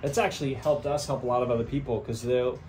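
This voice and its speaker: A man's voice: medium pitch, steady tone, fast, a little mellow, a little hiss or hum. A man chatting easily as a guest in a vlog, joking about the birds. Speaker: guest from a bird care company. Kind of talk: casual chat.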